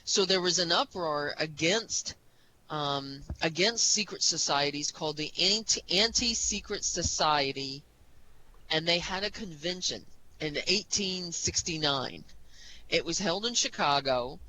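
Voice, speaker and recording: Bright, rambling podcast co-host. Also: mid-range voice, expressive, a little slow, a little hiss or hum, poor audio. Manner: rambling, many restarts and "you know". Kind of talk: casual history chat.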